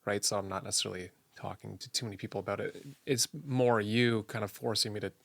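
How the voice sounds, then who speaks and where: A man in his thirties co-hosts a relaxed parenting podcast in a low voice. He talks casually, often asking skeptical follow-up questions. The sound is dry and close. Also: fast, gravelly, no echo. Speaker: podcast co-host.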